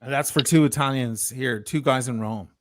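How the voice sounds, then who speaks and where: A man's voice: medium pitch, normal speed, slight background noise. A man telling a heated, profane story of grievance as a guest on a livestream. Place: lives in Italy.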